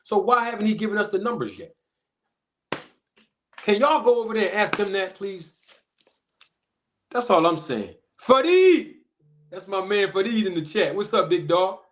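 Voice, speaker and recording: A man's voice: high-pitched, moderate pace, pauses often. A man hosting a boxing live stream, calling out viewers in the chat and arguing in disbelief. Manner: animated, incredulous, shouting out chat members. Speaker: boxing commentary channel host. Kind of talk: casual live-stream commentary.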